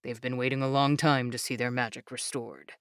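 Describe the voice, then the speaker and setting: A woman voicing a calm young man who patiently explains things in a low, measured voice. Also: clear, resonant tone, no room sound, clean studio sound. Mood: explaining.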